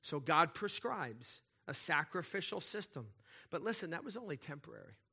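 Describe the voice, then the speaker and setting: A man preaching a sermon as pastor, conversational and animated, with playful asides and frequent check-ins with the congregation. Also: fairly high pitch, normal speed, vocal fry, slightly rough.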